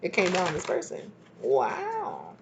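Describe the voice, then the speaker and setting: A woman giving a casual tarot reading, animated and blunt, who swears freely and acts out both sides of an argument in sudden high voices. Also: measured pace, vocal fry, background noise. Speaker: tarot reader. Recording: dull lo-fi recording.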